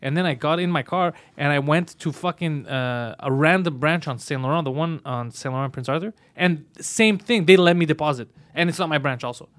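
A man's voice: fairly high pitch, brisk, few pauses, fairly bright tone. A man, a podcast co-host telling a story in casual, profane chat.

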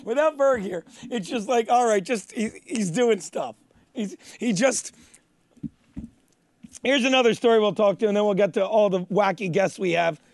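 A man with a strikingly high voice hosts a comedy talk show. He rambles, jokes at his own expense and keeps the banter rolling. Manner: rambling, joking, self-mocking. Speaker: show host.

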